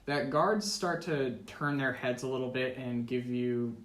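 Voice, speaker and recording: A man's voice: medium pitch, unhurried. A teenage boy narrating a tabletop game as game master, casual and often laughing, with many ums and uhs. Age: teens. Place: school room. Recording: echoey room.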